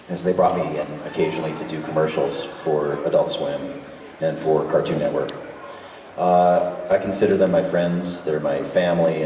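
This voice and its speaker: A man's voice: rumbling low, darkish tone. A man answering fan questions at a convention panel, enthusiastic and joking. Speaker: guest voice actor at a fan panel. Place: convention hall. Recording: echoey hall from far off with faint noise.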